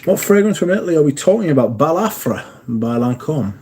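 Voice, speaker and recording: Slightly high and husky with a darkish tone, this man's voice swings widely in pitch as he talks fairly quickly. Hosting a casual livestream, he curses freely, chats, and reads out and responds to viewer comments.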